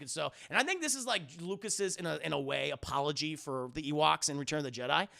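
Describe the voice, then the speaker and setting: A man giving a casual, profane spoiler review of a film to a live chat, retelling scenes with quick mock voices. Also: on the high side, vocal fry, bright, forceful tone.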